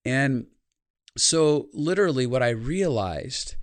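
A man's voice: mid-range voice, expressive, slow pace, dry recording. A man who works as a speaker and life consultant, talking in a podcast conversation, telling a personal story in an earnest, reflective way.

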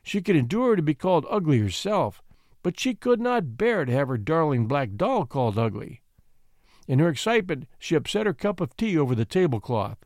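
A man reading a classic storybook aloud with an expressive, sympathetic delivery. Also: a little high, moderate pace, dry recording, studio quality.

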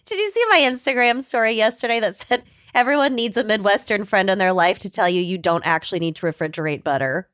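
Female co-host, wry one-liners, lively inflection, close dry mic. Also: medium pitch, fast talker, few pauses, no room sound. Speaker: podcast co-host. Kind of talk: casual chat.

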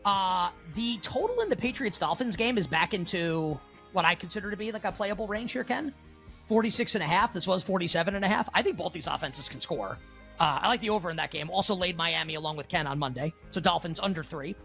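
A man co-hosting a sports betting podcast, talking casually and excitably, with many fillers and restarts. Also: high-pitched, a little fast, vocal fry, soft background music. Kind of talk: casual chat.

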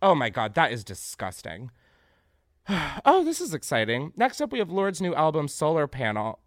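A man hosting a comedic podcast, reacting loudly to what he reads, swearing freely and laughing often. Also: fairly high pitch, wildly swooping pitch, normal speed, no echo. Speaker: podcast host.

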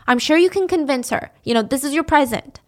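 A woman's voice: high voice, brisk. A woman doing a soothing young boyfriend. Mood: coaxing. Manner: calming, persuasive.

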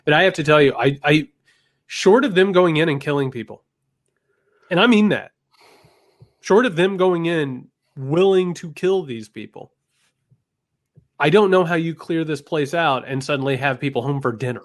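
A man co-hosting a political podcast, talking in an impassioned, emphatic way that swings from loud outrage to grim, quiet asides. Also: fairly high pitch, normal speed, long pauses. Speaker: podcast co-host, political commentator. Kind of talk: heated political podcast chat.

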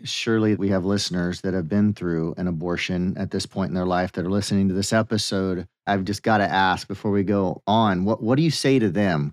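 A male podcast host with a very deep voice asks his guest gentle, sympathetic questions. The recording is dry and close. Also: dry recording. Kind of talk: interview questions.

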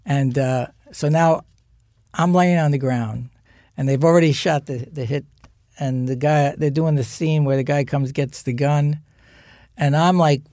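A man, an actor guest on a podcast, telling animated anecdotes, acting out what others said and laughing often. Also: a little high, a little slow, dry recording, studio quality. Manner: lively storyteller, acts out quoted voices, laughs often.

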